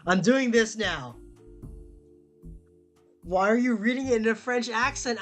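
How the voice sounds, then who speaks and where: A man's voice: extremely high pitch, measured pace, long pauses, a bit bright, faint music behind. A young man streaming casually, reading quiz questions aloud and answering them in a rambling, flustered way, often stammering and repeating himself.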